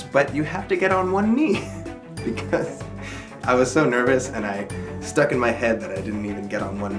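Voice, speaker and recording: A young man telling a personal story to camera in a chatty, earnest and excited way. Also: mid-range voice. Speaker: vlogger. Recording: background music under voice.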